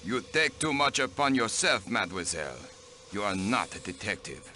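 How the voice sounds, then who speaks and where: A man's voice: fairly low pitch, very animated, moderate pace, bright, forceful tone, slight background noise, full character voice. An actor playing a haughty, cold male diplomat in a video game, speaking in clipped, dismissive lines. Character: haughty middle-aged male diplomat count.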